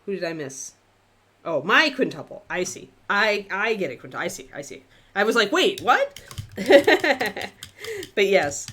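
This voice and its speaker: A woman's voice: lowish voice, expressive, moderate pace, bright, forceful tone. A woman hosting a live-streamed miniature painting lesson, chatting informally and thinking aloud as she paints.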